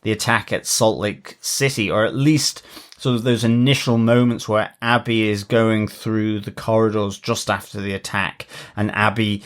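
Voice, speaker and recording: A man's voice: on the low side, fairly even intonation, moderate pace. A man co-hosting a TV review podcast, reading a plot recap and then chatting with wry asides. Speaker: podcast co-host.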